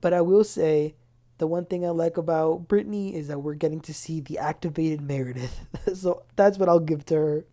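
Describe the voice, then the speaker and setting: A woman hosting a casual TV recap, animated and acting out quotes in a raised voice. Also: sits low, normal speed. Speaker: recap show host.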